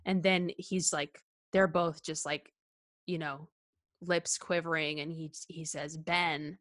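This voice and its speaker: A woman's voice: low-pitched, steady tone, slow. A woman co-hosting a podcast, talking through a film scene in casual, heartfelt chat with lots of ums and restarts. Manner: hesitant, many ums and restarts, laughs often; earnest and heartfelt. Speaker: podcast co-host.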